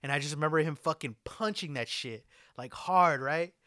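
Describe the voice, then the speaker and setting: A young man casually telling a wild party story, animated and full of slang and swearing, on a close mic. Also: on the high side, moderate pace, dry recording.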